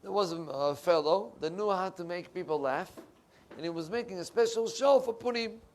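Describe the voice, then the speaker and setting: A middle-aged male rabbi preaching a sermon in a synagogue, animated and emphatic, swinging from loud to soft. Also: high voice, moderate pace.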